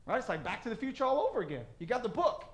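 A man preaching a sermon as pastor, animated and acting out voices of crowds and of God. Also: very high-pitched, very fast, roomy sound.

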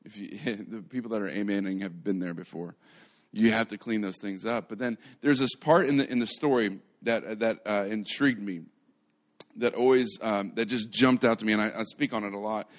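A man's voice: lowish voice, moderate pace. A man preaching a sermon in a conversational way, retelling stories animatedly and often restarting his phrases. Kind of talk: live sermon.

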